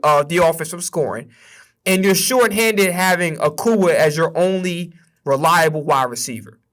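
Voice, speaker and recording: This young man's voice is on the high side and a bit bright. Hosting his sports stream, the streamer and podcast host rants casually and angrily, dropping plenty of swear words.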